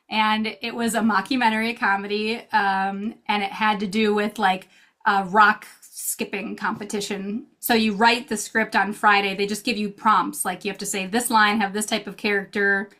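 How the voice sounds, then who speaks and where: A woman in her thirties, an actress telling stories in a casual interview, bubbly and quick to laugh while acting out quotes. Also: medium pitch, fairly even intonation, sharp tone. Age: 30s. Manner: bubbly storyteller, laughs often, acts out quotes. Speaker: actress and guest. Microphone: video call.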